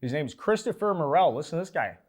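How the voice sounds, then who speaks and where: A man hosting a live sports talk show in a studio, excitable, with loud swings in his delivery and casual swearing. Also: a little high, fast talker.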